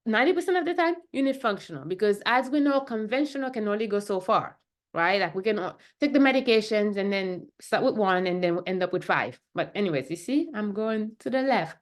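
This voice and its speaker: Woman doctor with a middle-pitched voice, talking casually to the camera in a chatty way and checking in with the listener. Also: expressive, brisk. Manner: chatty, keeps asking "right?" and "okay?". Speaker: functional medicine doctor.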